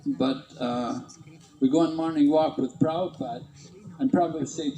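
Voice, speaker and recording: A man's voice: on the high side, fairly even intonation, moderate pace, echoey room, faint music behind, low-quality recording. A man casually reminiscing about his early temple days, often chuckling. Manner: warm-humored, chuckling, imitates others. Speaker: devotee reminiscing.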